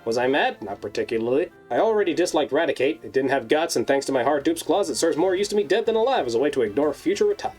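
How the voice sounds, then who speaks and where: Fast, animated man narrating a game recap. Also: fairly high pitch. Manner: sarcastic, wry asides. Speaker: video host. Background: faint background music.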